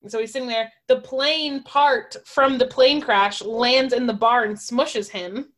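A woman's voice: a little high, fairly even intonation, a little slow, fairly bright tone. Chatty woman co-hosting a podcast. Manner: chatty, swears casually, thinks aloud about details. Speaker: podcast co-host. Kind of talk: casual chat recapping movies.

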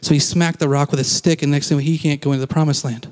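A man's voice: on the high side, fairly even intonation, fast talker, a little mellow. Man preaching in a reverberant hall. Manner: conversational, acts out quoted lines, laughs now and then. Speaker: pastor. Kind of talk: casual sermon.

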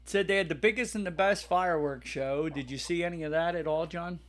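Guy cohosting a chatty podcast, kinda high voice, gets all excited and rambles. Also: a little fast. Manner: excitable, laughs loudly, rambling. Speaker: podcast co-host. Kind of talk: casual chat.

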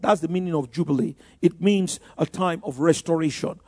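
Older man preaching, high voice, husky, emphatic sermon, lots of restarts. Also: normal speed, few pauses, a little mellow, dry recording, studio quality. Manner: emphatic preaching with frequent "you know" and repeated restarts. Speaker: pastor.

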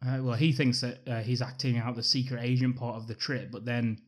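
A man's voice: medium pitch, little pitch movement, fairly quick. A man co-hosting a casual film podcast, recapping the plot plainly with casual swearing. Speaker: podcast co-host.

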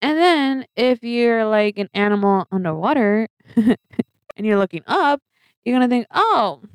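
A woman's voice: fairly high pitch, animated, normal speed, smooth, no echo. A woman hosting a casual solo podcast who reads out facts and quotes, chatting and giggling at her own asides. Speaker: podcast host.

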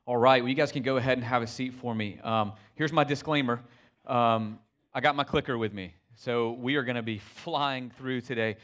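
A young preacher with a drawl, speaking to his congregation in a church. His voice sits at an everyday middle pitch. He keeps the sermon loose and chatty, full of fillers and "right?" asides. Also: steady tone, moderate pace, a bit bright. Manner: folksy and conversational, with frequent fillers and "right?" checks. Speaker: pastor. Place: church sanctuary.

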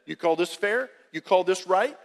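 A man's voice: sits high, animated, normal speed, in a large hall. A man voicing an indignant older brother who complains sarcastically about unfairness.

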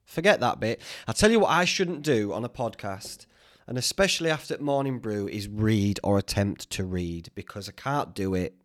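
A man's voice: lowish voice, expressive, moderate pace, no echo, clean studio sound. Chatty self-mocking man. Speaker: podcast host. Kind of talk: rambling casual chat.

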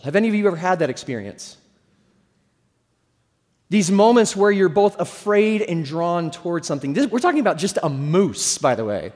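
A middle-aged man delivers a sermon in a relaxed, joking storyteller's manner, his voice sitting a little high for a man. The sound rings with a long reverb from the church hall he is preaching in. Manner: conversational storytelling with humor. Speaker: pastor.

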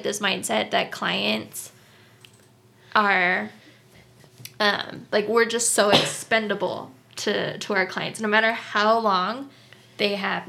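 A woman's voice: medium pitch, vocal fry, bright, forceful tone. A young woman chatting casually and candidly, telling emotional stories with lots of fillers. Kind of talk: casual chat.

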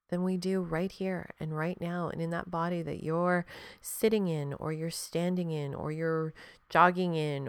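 Woman podcast host, casual monologue, frank and profane, laughs a lot, lowish voice, dry close sound. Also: clean tone, no echo. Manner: frank, profane, laughs often, talks straight to the listener.

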